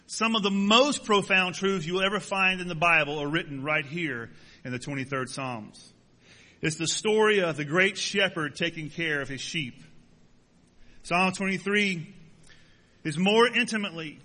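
A man's voice: fairly high pitch, pushed and bright, in a large hall. A middle-aged man preaching a sermon as pastor, folksy with joking asides to the congregation. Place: church sanctuary.

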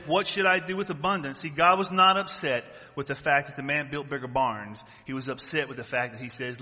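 Male pastor, sermon, fairly high voice, forceful, emphatic, long church-hall reverb. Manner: emphatic preaching with rhetorical questions.

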